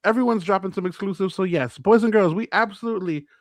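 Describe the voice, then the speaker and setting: Guy with a high voice telling stories, does everybody's voices, dry close sound. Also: fast, no room sound. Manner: acts out quotes in different voices, laughs a lot. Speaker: podcast co-host. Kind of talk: animated storytelling chat.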